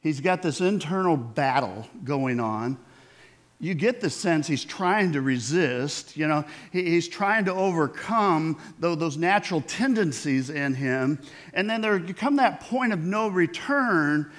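A middle-aged male pastor delivers a sermon in a voice that sits slightly high for a man. He talks to the congregation like friends, asking them questions and acting out little quoted voices as he goes. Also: a bit bright. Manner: conversational preaching with rhetorical questions and quoted voices.

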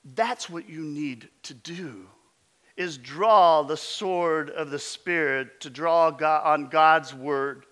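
A man preaching a sermon as pastor, emphatic, with his voice often dropping low and intense. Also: takes it slowly, bright, forceful tone.

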